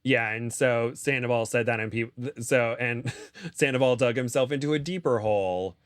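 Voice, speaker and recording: Smooth-voiced man retelling gossip. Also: medium pitch, moderate pace. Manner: rambling retelling with many restarts, acting out quotes. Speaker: podcast guest. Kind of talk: casual gossip chat.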